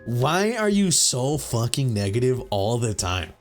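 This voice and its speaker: Animated young man telling a profane story. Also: mid-range voice, unhurried, faint music behind. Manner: rambling, profane, says bro and you know a lot. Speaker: gaming channel host. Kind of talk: casual storytelling over gameplay.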